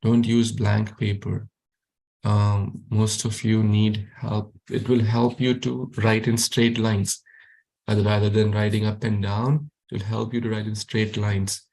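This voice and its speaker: A man's voice: fairly low pitch, level tone, unhurried, vocal fry, a little mellow. A man teaching a youth class over a video call, encouraging students and repeating his questions.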